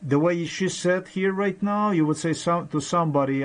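A man in a rambling personal monologue, halting with many pauses and fillers, sounding aggrieved and accusatory. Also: sits high. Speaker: vlogger.

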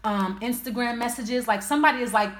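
A woman's voice: on the high side, fairly quick, fairly bright tone. A woman doing a casual tarot reading, blunt and profane, thinking aloud as she pulls each card. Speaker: tarot reader. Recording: roomy echo.

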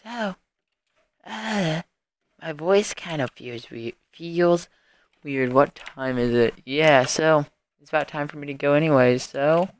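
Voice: mid-range voice, slow, no echo. A gamer giving casual gameplay commentary, muttering to themself and grumbling at the game. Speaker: let's play host.

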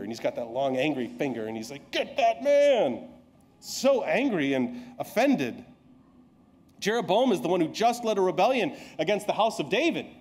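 A man's voice: a little high, a little mellow. A male pastor preaching a sermon in a church, telling the story vividly and asking the listeners rhetorical questions.

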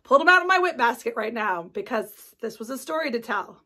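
A woman's voice: on the high side, lively intonation, fast, pushed and bright. A woman in her forties hosting a craft video at home, chatting enthusiastically about her sewing projects with lots of ums and asides. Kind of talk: casual show-and-tell chat.

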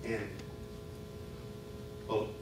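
A middle-aged man giving a sermon at a men's retreat, telling a personal story and building to loud preaching. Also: extremely slow, noisy background. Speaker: retreat speaker. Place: church retreat hall. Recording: echoey hall, far from mic, music behind.

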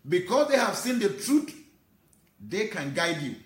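A man's voice: sits high, big pitch swings, unhurried, roomy sound. A man preaching an earnest, emotional sermon, reciting Sanskrit verses and explaining them. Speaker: spiritual teacher.

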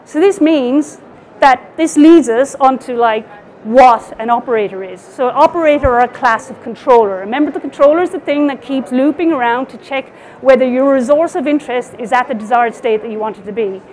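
A woman's voice: sits high, brisk, darkish tone. A woman with an Irish accent giving a casual, explanatory technical talk with slides, with fillers and restarts. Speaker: conference speaker.

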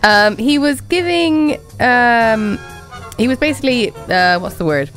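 A woman trades jokes with her co-host in a loose comedy chat. She giggles through her lines, and her pitch swings widely. Faint music plays in the background. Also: expressive, a little slow, a bit bright. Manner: giggly, laughs often while talking.

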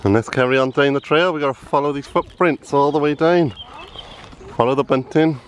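A family vlogger in his thirties chats casually into a handheld camera while walking an outdoor farm trail, encouraging his small son. His mid-range voice moves a little fast over slight background noise.

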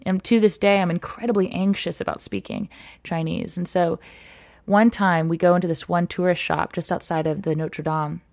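A woman guest on a podcast interview, telling stories in an earnest, animated way and laughing often. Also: on the low side, normal speed, vocal fry. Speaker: guest, content creator.

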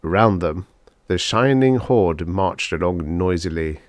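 A man narrating a vintage science fiction audiobook in an expressive storytelling read. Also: low-pitched, measured pace, dry recording, clean studio sound. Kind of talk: scripted narration.

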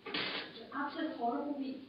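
A woman's voice: sits high, fairly even intonation, racing, very echoey, noisy background. A woman from the UK, a paramedic, giving a personal testimony talk at a conference, speaking bluntly in short clipped phrases. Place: conference hall. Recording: distant, muffled room recording from a basic MP3 player.

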